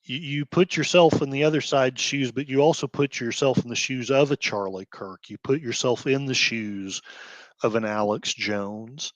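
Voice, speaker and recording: A man hosting his own commentary show, ranting with feeling, sighing and breaking into quick heated outbursts between quieter stretches. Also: medium pitch, dry recording. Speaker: blogger host. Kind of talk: emotional commentary rant.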